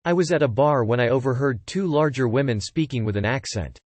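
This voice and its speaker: A man narrating online posts aloud with an even, steady read-aloud delivery. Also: mid-range voice, brisk, no room sound.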